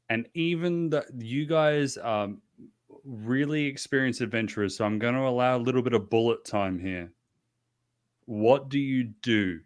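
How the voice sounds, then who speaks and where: A man's voice: medium pitch, measured pace, fairly bright tone. A man narrating as game master, with many restarts and fillers.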